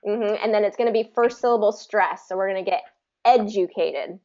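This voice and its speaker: A woman teaching English pronunciation in a live online class, patiently demonstrating words slowly. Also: mid-range voice, steady tone, darkish tone, muffled recording. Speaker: pronunciation coach.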